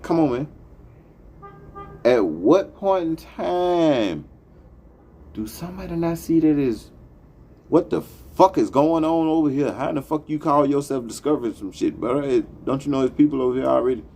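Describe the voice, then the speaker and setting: Animated, heated man ranting as a host. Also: fairly high pitch, normal speed. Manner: profane, heated, emphatic. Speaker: podcast host. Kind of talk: impassioned monologue.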